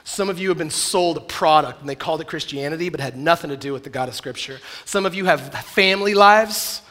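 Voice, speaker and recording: Passionate, bright-voiced preaching man. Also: fairly high pitch, quick pace, hardly any pauses, long reverb tail. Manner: passionate, swings from loud and emphatic to quiet and conversational, jokey asides. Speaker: pastor. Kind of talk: sermon. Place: church auditorium.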